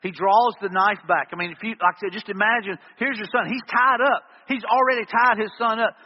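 A man's voice: high voice, steady tone, fairly quick, breathy edge. A man preaching a sermon as pastor, earnestly driving points home with repeated emphatic refrains. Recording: reverberant hall, dull lo-fi sound.

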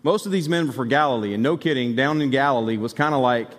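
A man's voice: medium pitch, fast talker. A man from Alabama preaching a sermon as pastor, in a conversational, emphatic style with asides to the congregation. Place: church sanctuary. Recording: long hall reverb from the sanctuary.

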